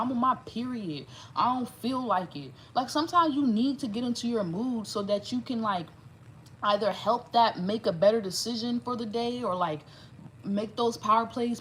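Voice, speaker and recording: A woman giving a casual, rambling tarot reading, talking animated and profane. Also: fairly high pitch, a little hiss or hum, low-quality recording. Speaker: tarot reader.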